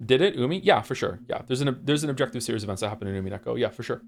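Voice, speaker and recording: A man's voice: medium pitch, lively intonation, rapid-fire, creaky, few pauses, soft background music. A man streaming a video game, talking casually in a rambling, hesitant way with many fillers and restarts, swearing now and then as he reacts to play. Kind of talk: casual let's-play commentary.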